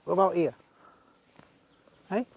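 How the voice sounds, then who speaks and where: A man's voice: high voice, unhurried, darkish tone, slight background noise. A man on a bike ride who stops by a field and chats fondly and teasingly to horses, talking casually to his stream viewers. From England. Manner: fond, teasing talk to animals. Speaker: cycling streamer.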